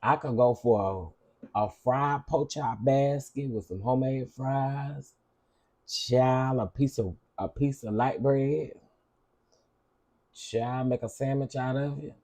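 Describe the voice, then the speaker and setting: A man's voice: medium pitch, slow, warm tone. A man hosting a cooking channel, chatting casually with his livestream viewers, greeting them by name and repeating himself often.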